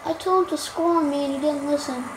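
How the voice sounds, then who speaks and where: A woman's voice: sits high, fast talker, reverberant, background noise. A young woman commenting on her own gameplay in a playful way, making silly rhymes and snapping at teammates when frustrated. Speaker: gamer. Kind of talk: let's-play commentary.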